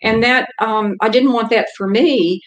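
An American woman talking as a guest in a casual interview, earnest and halting, with many fillers. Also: on the high side. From United States. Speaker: guest, community organizer.

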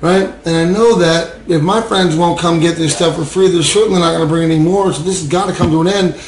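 High-voiced man telling a recovery story. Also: quick pace, echoey room, rough recording. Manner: animated storyteller, laughing often, acting out his inner voices. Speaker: recovery speaker. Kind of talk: candid talk about addiction recovery to an audience.

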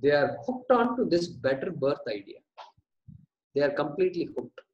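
A man's voice: fairly high pitch, big pitch swings, moderate pace, lo-fi sound. A man teaching a scripture class, breaking terms down word by word, repeating them and asking questions that he then answers himself. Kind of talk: classroom lecture on verses.

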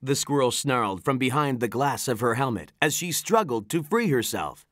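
An animated storybook narrator with a lively, rising and falling delivery. The reading sounds close and dry, with no room around it. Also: medium pitch, moderate pace, dry recording. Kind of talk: storybook read-aloud.

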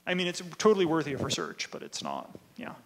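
A man's voice: a little high, wildly swooping pitch, fast talker, background noise. A man, a linguist presenter, answering audience questions at a talk in a casual way, often saying "like" and "right?". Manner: casual, many "like" and "right?" tags.

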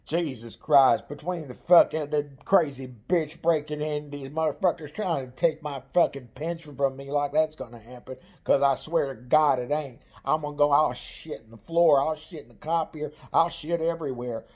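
A man's voice: medium pitch, steady tone, a little slow, natural voice. A man voicing his middle-aged trucker brother with a put-on Southern accent, ranting and swearing. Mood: furious. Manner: profane, ranting, shouting threats.

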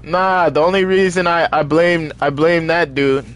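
A young man streaming a video game, chatting casually in heavy slang and telling animated stories between excited outbursts. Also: on the high side, unhurried. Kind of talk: casual stream chat while gaming.

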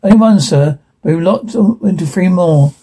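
A man's voice: sits high, normal speed, warm tone, slightly rough. A man reading the part of a dutiful male ship engineer reporting to his captain. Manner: reporting to a superior.

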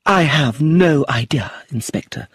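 Poised stage actress in middle age, put on by a husky-voiced male narrator, slow and dignified, pitch swings widely. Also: animated, no echo, clean studio sound, full character voice. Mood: indignant. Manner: slow, dignified, theatrical delivery.

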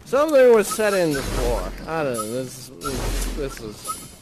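Slow, rambling hungover man. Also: mid-range voice, wildly swooping pitch. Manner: rambling and drawn-out, with many sighs and oh's. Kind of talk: casual chat with friends. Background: music.

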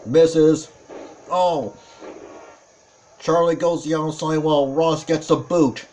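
A man calling a tag team wrestling match play by play, excitable, with frequent exclamations and self-corrections. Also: a little high, slow. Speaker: wrestling commentator. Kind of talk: play-by-play commentary.

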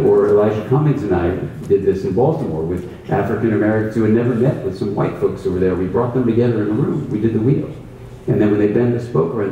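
A man's voice: on the low side, dark tone, highs cut off, slight background noise. A man, a mindfulness teacher, explaining his practice in a thoughtful storytelling way. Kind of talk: reflective conversational explanation. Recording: roomy echo, distant mic, faint ambience.

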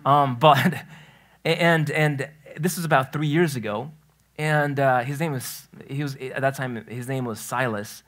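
A man's voice: mid-range voice, unhurried, a bit bright. Chatty man preaching a storytelling sermon. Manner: storytelling, chatty, self-correcting, laughs at his own story. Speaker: pastor. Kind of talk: conversational sermon. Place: church sanctuary.

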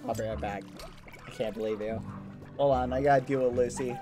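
A man's voice: medium pitch, fairly even intonation, brisk, music in the background. Playful man chatting on a game stream. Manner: playful, teasing, chatty with viewers. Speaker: livestreamer. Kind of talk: casual game stream chat.

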